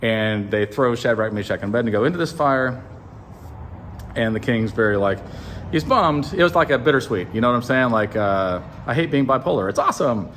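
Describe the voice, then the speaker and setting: A man casually retelling a Bible story as a comedy bit, animated and full of joking asides to the listener. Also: mid-range voice, fairly quick, a little hiss or hum.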